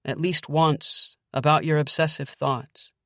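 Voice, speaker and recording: A male audiobook narrator voicing a teenage girl who speaks quietly and seriously. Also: on the high side, fairly even intonation, unhurried, no echo, studio quality.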